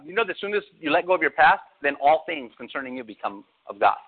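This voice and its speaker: A man's voice: on the high side, very animated, fast talker, breathy edge. A male pastor preaching a sermon, talking to his congregation with lots of rhetorical questions. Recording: phone-like narrow sound.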